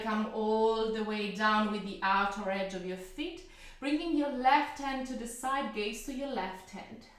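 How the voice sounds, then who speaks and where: A woman teaching a yoga class, calmly cueing each breath and pose in an encouraging way. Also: fairly high pitch, roomy sound. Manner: calm breath-paced cueing, slow and encouraging. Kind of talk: guided yoga class instruction. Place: home room.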